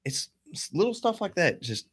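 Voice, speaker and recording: A man's voice: high-pitched, sing-song, moderate pace, breathy edge, no room sound. A man hosting a podcast in casual chat, telling stories in a profane, rowdy way. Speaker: podcast host.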